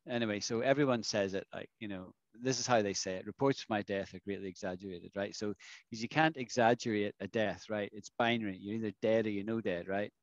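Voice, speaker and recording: His voice sits on the low side and his pace is brisk as he teaches English to a classroom, explaining with patience and regularly checking students' understanding. The recording is dry, dull and lo-fi.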